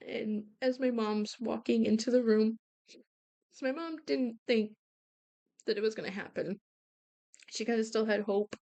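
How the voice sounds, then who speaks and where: A young woman hosting a podcast, telling a personal story of losing her father in a halting, emotional way full of fillers and restarts. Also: a little high, gravelly, warm tone, lo-fi sound. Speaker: podcast host. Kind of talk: personal storytelling about grief.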